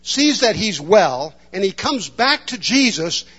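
A man's voice: sits high, very animated, slow, fairly bright tone, husky, muffled recording. A man pastor preaching a sermon in a church, reflective and putting questions to the congregation. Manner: reflective, asks the room questions.

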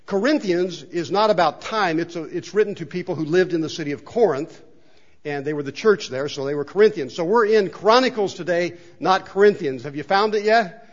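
A man's voice: sits high, a little fast, highs cut off. A man preaching a sermon in a chapel, talking conversationally and asking the congregation questions. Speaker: pastor. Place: church chapel.

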